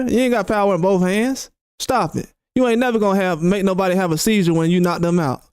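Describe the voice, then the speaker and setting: A man's voice: high voice, darkish tone, clear, resonant tone, dry recording, clean studio sound. A man hosting boxing commentary, talking heatedly and repeating rhetorical questions.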